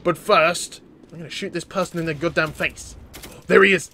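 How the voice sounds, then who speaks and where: High-pitched excitable young man gaming. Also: normal speed. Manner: excitable, jokey, stammering restarts. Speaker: gaming YouTuber. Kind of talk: casual gameplay commentary.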